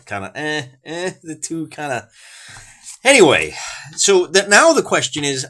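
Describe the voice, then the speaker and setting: A man's voice: mid-range voice, bright, forceful tone. An American man hosting a wargaming show, chatting casually through the game with folksy asides and restarts. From United States. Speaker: wargaming channel host.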